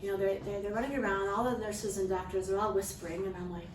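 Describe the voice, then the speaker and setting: A woman's voice: mid-range voice, fast talker, hardly any pauses. Woman telling a heartfelt story in a roomy space. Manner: earnest, heartfelt, frequent restarts and asides to listeners. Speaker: mother sharing a testimony. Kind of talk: emotional personal storytelling. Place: room with a small gathered group. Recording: roomy, distant mic with faint background noise.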